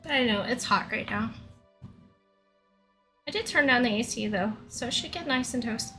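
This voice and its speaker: A woman's voice: on the high side, lively intonation, moderate pace, pushed and bright, soft background music, low-quality recording. A woman livestreamer chatting casually with her viewers in a playful, giggly way, laughing often.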